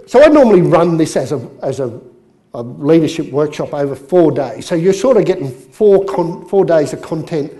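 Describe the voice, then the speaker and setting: Male presenter, storytelling workshop delivery, a bit high-pitched. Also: lively intonation, normal speed, mellow. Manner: chatty, story-telling, with jokes. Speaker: business coach and presenter.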